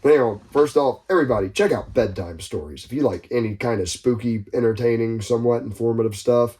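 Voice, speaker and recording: A man chatting on a podcast, his voice sitting in an ordinary middle register. He tells stories in a loose, rambling way, full of profanity and quick asides. He gets suddenly louder when a story excites him. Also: medium pitch. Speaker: podcast co-host. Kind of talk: casual podcast banter.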